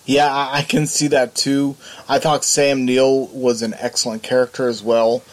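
A man's voice: mid-range voice, flat delivery, normal speed. A man co-hosting a podcast, giving opinionated, worked-up views in a casual movie chat. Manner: opinionated, gets worked up in rants. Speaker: podcast co-host.

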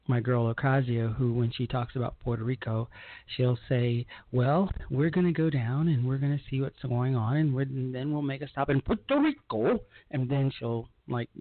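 A man's voice: mid-range voice, no echo. A man hosting a casual monologue broadcast, rambling and often repeating himself as he restarts his sentences. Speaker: broadcast host. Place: lives in Georgia. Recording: tinny phone-like line, dry.

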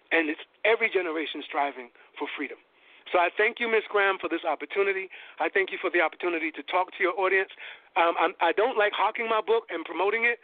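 Brief: high-voiced man, guest lecturer, fiery and preacher-like, tinny phone audio, dry. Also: dry recording. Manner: preacher-like, building to emphatic peaks. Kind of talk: impassioned lecture.

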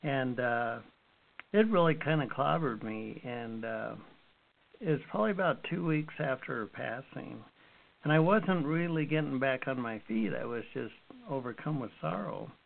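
Brief: middle-aged male host, unhurried and reflective, gravelly over a tinny line. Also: medium pitch, animated. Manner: slow, reflective, hesitant. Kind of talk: interview conversation.

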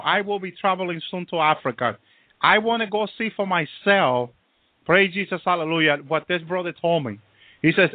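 A man's voice: high voice, no echo. A man preaching, punctuating nearly every phrase with hallelujah and praise Jesus, repeating himself as he goes. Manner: constant hallelujahs and praise interjections, repetitive. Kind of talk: preaching sermon. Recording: tinny phone-like line, dry.

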